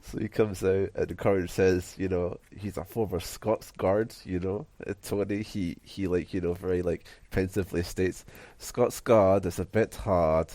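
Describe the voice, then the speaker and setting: A man's voice: low-pitched, flat delivery, normal speed, hardly any pauses, warm tone, dry recording. A man co-hosting a podcast, casually recapping with frequent laughs and swearing. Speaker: podcast co-host. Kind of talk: casual chat.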